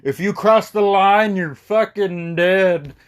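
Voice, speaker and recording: A man voicing a mysterious stranger at a bar who gives low, drawling warnings. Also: slow pace, smooth. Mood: menacing.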